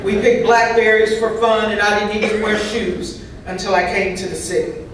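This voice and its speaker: A woman's voice: medium pitch, little pitch movement, moderate pace, distant mic, slight background noise. Woman voicing a recovery talk in a very echoey hall. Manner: humorous conversational storytelling. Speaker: voice interpreter for a signed recovery talk. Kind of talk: first-person interpreted speaker talk. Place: large convention hall.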